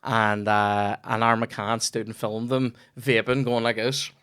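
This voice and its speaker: A man's voice: lowish voice, little pitch movement, measured pace, a bit bright, smooth, no room sound, studio quality. Sweary Northern Irish man telling stories. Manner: sweary, rambling storyteller. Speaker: comedian podcast host. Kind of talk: casual chat.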